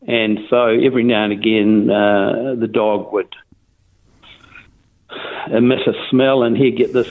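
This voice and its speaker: An older man with a New Zealand accent, telling his story in a casual phone interview, rambling with restarts and fillers. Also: mid-range voice. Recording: tinny phone line.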